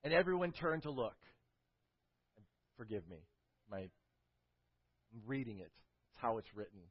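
A man's voice: mid-range voice, sing-song, normal speed, husky, dry recording. Guy preaching a sermon, tells stories, muffled lo-fi audio. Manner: storytelling with emphatic build-ups, then quiet and prayerful. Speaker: pastor. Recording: dull lo-fi recording.

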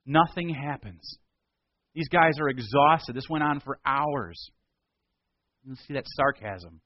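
A man's voice: mid-range voice, expressive, slow pace, pauses often, no echo, highs cut off. A male pastor retelling a Bible story in a casual, conversational sermon.

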